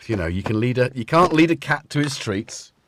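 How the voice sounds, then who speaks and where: A man's voice: medium pitch, sing-song, normal speed, a bit bright, a little hiss or hum. A man hosting a casual home livestream, chatting in a rambling way and tripping over his words. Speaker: livestream host. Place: room at home. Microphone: desk mic with headphones.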